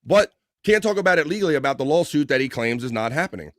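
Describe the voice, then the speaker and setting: A man hosting a casual livestream, reading viewer comments aloud in a loose, joking way with bursts of excitement. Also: on the high side, fast talker, no echo, clean studio sound. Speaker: livestream host.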